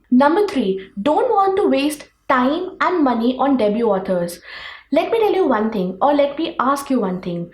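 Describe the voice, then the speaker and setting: A woman's voice: high-pitched, a little mellow, echoey room, rough recording. A woman with an Indian English accent, a book vlogger, talking to camera in an emphatic, earnest way and asking her viewers rhetorical questions. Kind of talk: rant-style vlog talk to camera.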